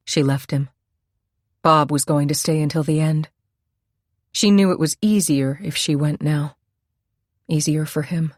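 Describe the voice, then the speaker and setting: Woman audiobook narrator, low voice, measured, dry close-mic sound. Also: dry recording. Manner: measured, steady storytelling. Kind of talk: scripted narration.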